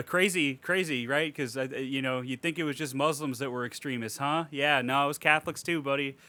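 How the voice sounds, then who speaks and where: A man's voice: medium pitch, a little fast, bright, forceful tone. A young man co-hosting a casual podcast film review, ranting animatedly with plenty of profanity and laughter. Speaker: podcast co-host.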